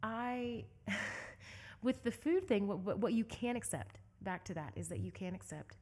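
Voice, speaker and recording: A young woman from Southeast Texas telling a story as an interview guest, animated and laughing often. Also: mid-range voice, unhurried. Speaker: guest, endurance bike racer.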